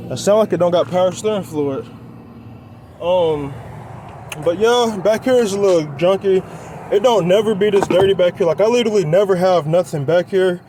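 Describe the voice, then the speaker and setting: Young guy rambling to his viewers outside, high voice, winded, faint outdoor noise. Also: normal speed. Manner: loose, rambling, talks to viewers as y'all. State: out of breath. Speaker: car vlogger. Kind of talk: casual vlog chat. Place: outdoors on a quiet roadside.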